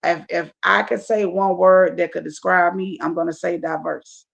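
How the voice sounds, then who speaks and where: A woman's voice: on the low side, steady tone, moderate pace, vocal fry. A woman comedian, a guest on a podcast, talking in a casual, emphatic and profane way and often checking in with "you feel me".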